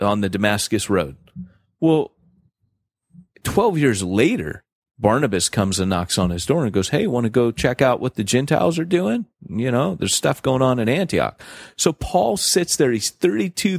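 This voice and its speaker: A man co-hosting a podcast, talking in an animated, joking way with many restarts and fillers. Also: lowish voice, husky, dry recording, clean studio sound. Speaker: podcast co-host. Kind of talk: casual podcast chat.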